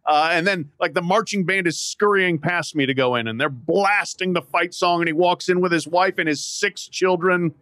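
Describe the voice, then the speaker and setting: A man's voice: high voice, normal speed, few pauses, a bit bright, no room sound, clean studio sound. A man talking as a sports columnist guest on a podcast from an outdoor patio, chatty with many restarts and fillers. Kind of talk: casual sports podcast chat.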